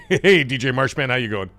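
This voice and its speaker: Man, livestream host, chatty, lively pitch, dry sound, faint background music. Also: normal speed, no echo. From Italian-American background. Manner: chatty, rambling, laughing often. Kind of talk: casual livestream chat.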